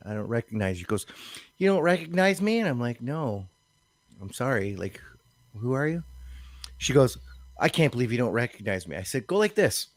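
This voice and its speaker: A man chiming in on a podcast with quick jokes and an animated retelling of his own story. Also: mid-range voice, no room sound. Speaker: podcast co-host. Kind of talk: casual banter.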